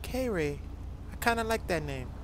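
A man's voice: sits high, lively intonation, a little slow, fairly bright tone. A man voicing a naive young boy who wants to join a gang, eager but timid.

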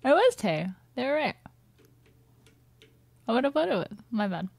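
A woman's voice: fairly high pitch, unhurried, gravelly, no echo. A woman streamer chatting casually while playing a social deduction game with friends, laughing often. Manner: giggly, animated. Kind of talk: casual gaming chat.

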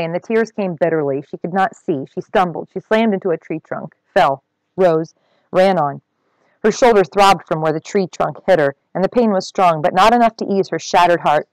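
A woman reading a novel aloud with expressive, dramatic storytelling. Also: lowish voice, dry recording, rough recording.

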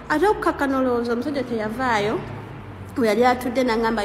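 A woman telling stories in a casual, animated monologue, often laughing as a TikTok creator. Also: sits high, racing, echoey room, in a large hall, music in the background. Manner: animated, laughing, mixing languages.

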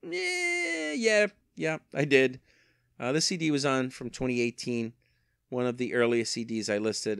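A man's voice: medium pitch, fairly bright tone, clean tone, dry recording, studio quality. Chatty man rambling about resale sales. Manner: chatty, rambling, wry self-mocking asides. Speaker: eBay reseller. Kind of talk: casual vlog monologue. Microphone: handheld microphone.

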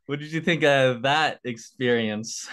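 A man's voice: mid-range voice, unhurried, a bit bright, smooth. Young man, rambling casual interviewer. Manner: rambling, filler-heavy, apologetic. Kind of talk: casual chat.

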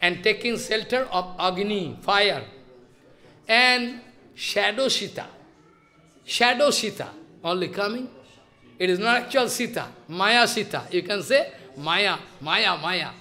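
A man's voice: high voice, expressive, a little slow, pushed and bright. A man giving a devotional lecture, telling stories with repeated emphatic phrases and rising questions. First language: Bengali. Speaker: spiritual lecturer.

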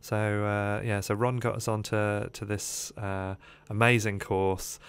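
Low-voiced man telling his life story. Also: little pitch movement, measured pace, clean tone. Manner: rambling, with many fillers and restarts. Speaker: radio interview guest. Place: radio studio.

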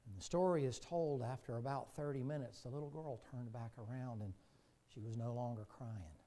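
A male pastor preaching a sermon and telling stories, his voice moving from loud passages to hushed ones. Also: medium pitch, moderate pace, a little hiss or hum. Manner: storytelling, swings from loud to hushed.

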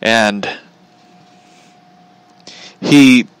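A man's voice: mid-range voice, drawn-out words, clear, resonant tone, low-quality recording. A man giving a casual, sarcastic rant about wrestling, laughing often as he talks. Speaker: commentator.

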